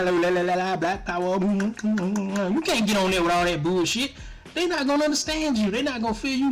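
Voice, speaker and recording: A man giving casual, profane commentary on his stream, animated and often breaking into laughter. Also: sits high.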